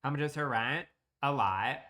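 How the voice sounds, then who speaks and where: A man's voice: mid-range voice, normal speed, bright, forceful tone. A man casually chatting on a live stream while he plays a building game, teasing and swearing freely at home.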